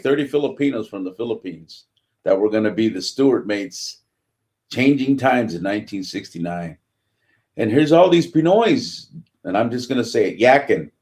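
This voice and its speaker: A man in his seventies from California, an animated guest telling his story in an interview. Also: mid-range voice. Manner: animated storyteller, acts out quotes. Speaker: guest, veteran.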